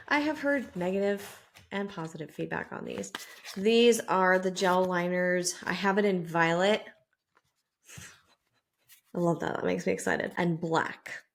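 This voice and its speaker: A woman beauty vlogger chatting casually to camera while she applies makeup, self-deprecating and talkative. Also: fairly low pitch. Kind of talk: casual makeup tutorial chat. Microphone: camera mic with mirror some distance off.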